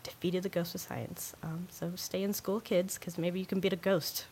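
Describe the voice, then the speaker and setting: A woman co-hosting a podcast, retelling a TV episode in a rambling, animated way. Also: lowish voice, normal speed, a little hiss or hum. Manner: rambling, animated storytelling with many fillers. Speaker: podcast co-host. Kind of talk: casual chat.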